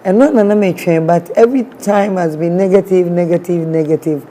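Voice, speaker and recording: Woman, Ghanaian accent, lowish mellow voice, animated storytelling, acts out dialogue. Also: moderate pace, a little hiss or hum. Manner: animated, acts out quoted dialogue, mixes in Twi words. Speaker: guest. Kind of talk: emotional personal storytelling.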